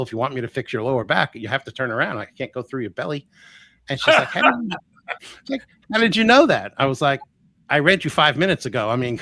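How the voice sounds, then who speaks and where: A man in his sixties, an energy healer and guest on a live show, telling stories in a chatty, animated way full of quoted dialogue. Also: mid-range voice. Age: 60s. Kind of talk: casual storytelling on a live show.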